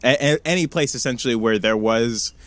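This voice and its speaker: A man's voice: medium pitch, a little fast, a bit bright, dry recording. A man narrating as game master of a tabletop game, easygoing, with hesitant fillers and chuckles.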